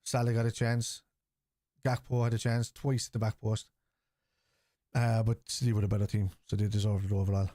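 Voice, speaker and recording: A man's voice: on the low side, flat delivery, brisk, warm tone, no echo, studio quality. A man hosting a live fan watchalong, reading out and answering viewer chat in a blunt, casual way, swearing freely. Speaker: fan channel host.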